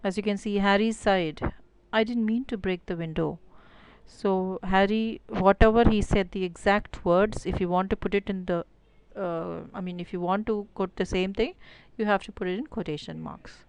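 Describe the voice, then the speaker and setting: A woman's voice: mid-range voice, steady tone, moderate pace, a little mellow, clean tone, dry recording. A woman with an Indian English accent teaching an online grammar lesson, explaining step by step with many fillers like "so" and "uh".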